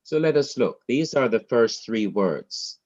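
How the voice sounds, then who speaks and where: A man's voice: medium pitch, lively intonation, darkish tone, muffled recording. A man teaching a Hebrew class, laying out rules one by one in a methodical, repetitive way. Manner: slow, methodical, enumerating rules. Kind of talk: online class lecture.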